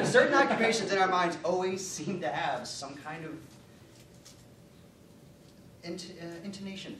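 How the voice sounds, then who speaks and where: A man's voice: fairly high pitch, lively intonation, quick pace, few pauses, a crowd in the background. A man casually commenting on an improv scene, rambling and searching for words. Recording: distant echoey stage with loud background noise.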